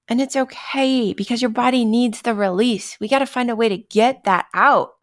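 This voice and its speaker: A woman hosting a podcast in a casual, conversational way, acting out everyday stress scenes and often asking "right?". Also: medium pitch. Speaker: podcast host. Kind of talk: casual wellness talk.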